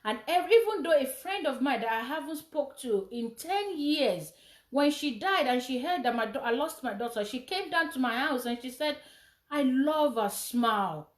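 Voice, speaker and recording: A middle-aged woman speaks with a high voice in a heartfelt, emotional way and keeps repeating her own phrases. She is addressing an event. The sound is echoey, as if the room is reverberant. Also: animated, normal speed. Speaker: mother speaking at a charity event. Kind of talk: emotional personal speech.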